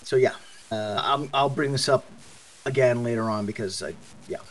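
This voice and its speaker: Laid back podcast dude explaining stuff, mid pitch, lots of restarts. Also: male voice, slight background noise, rough recording. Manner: relaxed, explains at length, halting restarts. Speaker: podcast co-host. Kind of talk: casual chat.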